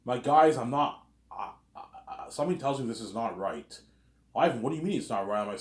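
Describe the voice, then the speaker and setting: A video creator acts out an imagined argument alone, playing every side in an over-dramatic, repetitive way. His medium-pitched voice is brisk with lively intonation, and the recording has a roomy echo.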